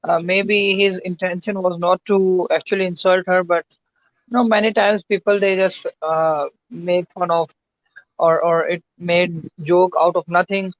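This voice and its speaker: A man co-hosting a live stream, calm and hesitant, with many pauses and fillers. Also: high-pitched, dry recording, lo-fi sound. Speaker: livestream co-host. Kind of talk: live-stream moderation talk.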